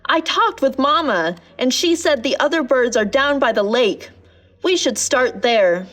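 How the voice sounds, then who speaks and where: Lady doing a chirpy little bird boy, high and excited, storybook voice. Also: moderate pace, lightly acted. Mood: eager. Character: eager young male chickadee chick.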